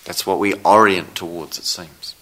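A man giving a dharma talk as a meditation teacher, speaking slowly and reflectively with long pauses. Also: low voice, steady tone, fairly bright tone. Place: meditation hall.

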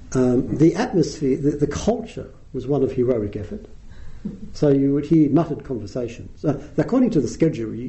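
A middle-aged man gives a relaxed dharma talk. His very dark, mellow voice sits at an ordinary pitch. He tells wry, anecdotal stories and often chuckles at them. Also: poor audio. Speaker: meditation teacher.

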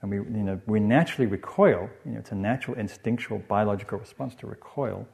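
Mellow meditation teacher. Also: male voice, fairly low pitch, gravelly. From northern England. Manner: reflective, unhurried, many "you know" asides. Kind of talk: dharma talk.

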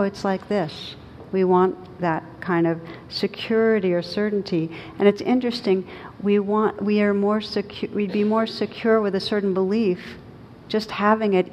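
A woman meditation teacher giving a dharma talk, telling stories and laughing at her own punchlines. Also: darkish tone. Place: large meditation hall. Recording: reverberant hall, muffled, faint rumble.

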